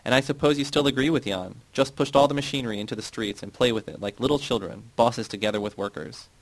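A man's voice: mid-range voice, fast, dry recording, natural voice, rough recording. A man reading the part of a dogmatic male party loyalist who lectures and dismisses others. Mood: lecturing.

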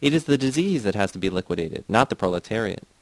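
Low-voiced man reading dense prose. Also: animated, fast, no room sound, low-quality recording. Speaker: audiobook reader. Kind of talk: scripted narration.

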